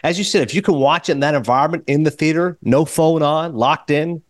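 Fast-talking male podcast host. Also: on the high side, dry recording, clean studio sound. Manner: quick, chatty storyteller. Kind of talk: casual movie chat.

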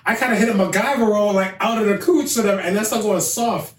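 A man with a high-pitched voice tells a rowdy story on a podcast, laughing as he goes and acting out every voice in it. He sits well back from the mic in an echoey room, and a faint hiss runs underneath. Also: fast, far from the mic. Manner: animated, acts out quoted voices, laughs often. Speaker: podcast host. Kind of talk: casual storytelling.

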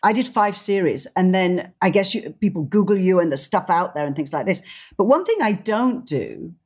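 A woman's voice: on the low side, normal speed. A middle-aged woman co-hosting a podcast in casual chat, telling anecdotes with lots of energy and acting out the voices of other people. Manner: lively anecdote teller, acts out quoted voices. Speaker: podcast co-host, decorator.

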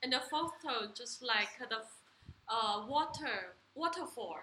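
Guest, female, Mandarin native speaker, high bright voice, unhurried, laughs easily. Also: animated, a little hiss or hum. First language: Mandarin Chinese. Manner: cheerful, laughs often, explains simply. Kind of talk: casual group chat. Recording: echoey room with faint ambience.

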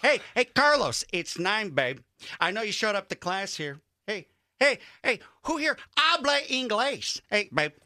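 A man putting on a brash, high impression of a famous entertainer playing a teacher. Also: sing-song, a little slow, bright, forceful tone, no echo, clean studio sound, full character voice. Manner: high, brash, repeating "babe".

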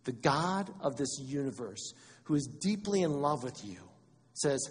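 A man preaching a sermon as pastor, animated and conversational, acting out quotes as he goes. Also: fairly high pitch, brisk, breathy edge, long reverb tail.

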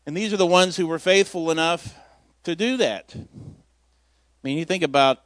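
His voice sits on the high side with a fairly bright tone, moving at normal speed with no room sound. He's a lay preacher covering at church, telling stories in a folksy, informal sermon and poking fun at himself.

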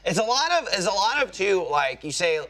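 A man from New Jersey, a podcast host chatting casually and playfully, with swearing and lively jokes. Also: sits high, a little fast. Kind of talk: casual chat.

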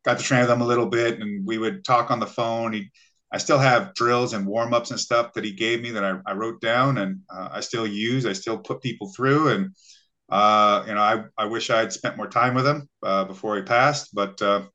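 A man's voice: lowish voice, moderate pace, muffled recording. A male podcast guest telling stories in a casual chat, acting out the voices of people he quotes. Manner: animated, acts out quoted voices, frequent fillers.

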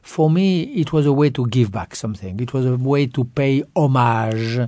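A man's voice: medium pitch, normal speed, dry recording. A man in his fifties speaking with a heavy French accent, guest in an interview. He talks expressively and with emphasis, doubling back on his words. The recording is dry and close, with no room sound around him. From France. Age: 50s. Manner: expressive, emphatic, repeats phrases. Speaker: author and guest. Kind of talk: interview conversation.

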